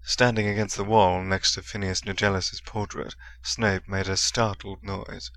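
A man narrating a fantasy audiobook in a steady storytelling manner. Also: on the low side, measured pace. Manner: steady storytelling with soft character voices. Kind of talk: scripted narration.

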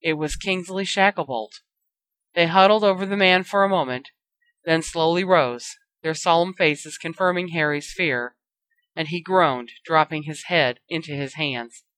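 Brief: measured audiobook narrator, clear bright tone. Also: mid-range voice, no room sound.

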